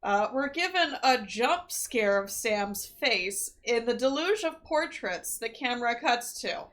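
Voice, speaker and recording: A woman's voice: fairly high pitch, animated, unhurried, a bit bright. A woman co-hosting a podcast, recapping a movie in casual chat with dry, wry asides. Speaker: podcast co-host.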